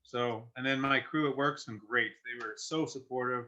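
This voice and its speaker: Earnest bright-voiced man. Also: medium pitch, fairly even intonation. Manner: earnest, conversational, halting with restarts. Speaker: guest. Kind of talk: candid personal storytelling. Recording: muffled lo-fi sound.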